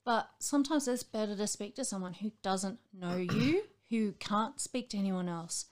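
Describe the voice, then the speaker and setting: A woman's voice: mid-range voice, normal speed. Frank, rambling woman in her late thirties. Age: late 30s. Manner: frank, rambling, acts out quoted voices. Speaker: interview guest. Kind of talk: candid personal conversation.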